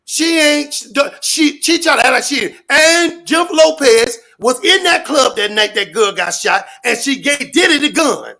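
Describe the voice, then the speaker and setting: A man ranting loudly and profanely in street slang, rambling and repeating his catchphrases. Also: extremely high pitch, expressive, normal speed, gravelly, few pauses. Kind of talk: animated rant to an interviewer.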